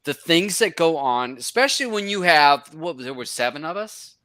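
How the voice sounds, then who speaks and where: Lively, bright-voiced host, laughing often. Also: male voice, fairly high pitch, normal speed, no room sound. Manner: laughs often, swears casually. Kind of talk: casual panel chat.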